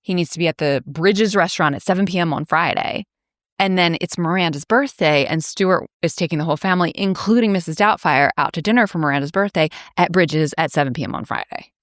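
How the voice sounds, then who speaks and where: A woman's voice: fairly low pitch, fast talker, no room sound, studio quality. A woman podcast host casually recapping a plot, chatty and filler-heavy, with wry asides.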